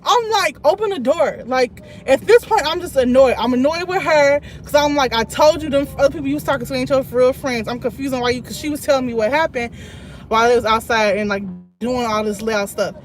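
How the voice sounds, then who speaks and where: In her car on a live stream, a young woman tells a story chattily, laughing often and reading viewers' comments aloud. The voice is high, with a slight amount of background noise.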